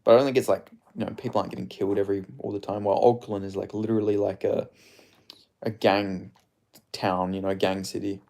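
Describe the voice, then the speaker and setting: A man's voice: lowish voice, level tone, quick pace, vocal fry, darkish tone. A man with an Australian accent, a streamer rambling loosely through viewer comments, swearing casually and filling his talk with filler words.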